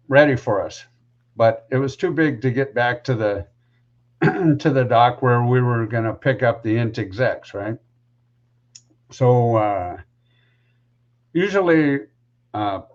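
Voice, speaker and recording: A man's voice: medium pitch, dull audio. A man who is a podcast guest, telling a story casually and rambling with lots of asides.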